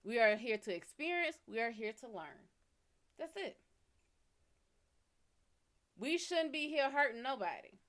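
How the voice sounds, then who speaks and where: A woman's voice: a little high, big pitch swings, measured pace, pauses often, fairly bright tone. A woman hosting a live psychic reading stream, giving casual advice bluntly and swearing freely. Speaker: psychic reader and livestream host.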